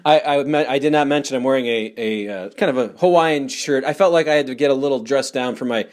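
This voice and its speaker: A man's voice: medium pitch, fast. A man hosting a podcast interview over a video call, eager and laughing often. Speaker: podcast host. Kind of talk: casual interview.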